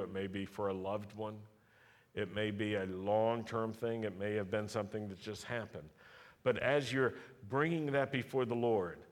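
A man preaching a sermon and leading prayer before a live congregation, with emphatic, rising declarations and repeated rhetorical questions. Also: fairly low pitch. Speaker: pastor. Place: congregation hall, live service. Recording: long hall reverb.

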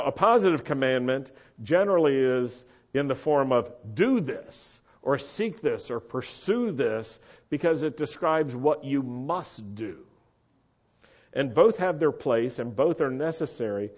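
A man's voice: medium pitch, lo-fi sound. Earnest American man preaching. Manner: earnest, emphatic, slows down to stress key words. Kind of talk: sermon.

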